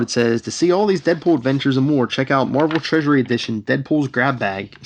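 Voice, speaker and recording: Podcast co-host, male, gravelly voice, animated comic recap, faint hiss. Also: medium pitch, a little fast. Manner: animated, reads out character lines with shifting emphasis. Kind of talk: casual comic book recap chat.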